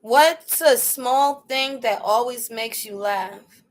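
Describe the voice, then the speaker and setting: A woman's voice: fairly high pitch, slow. A woman hosting a casual storytelling livestream, chatty and slangy, often laughing as she answers viewers' questions. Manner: laughs often while telling stories. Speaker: livestream host.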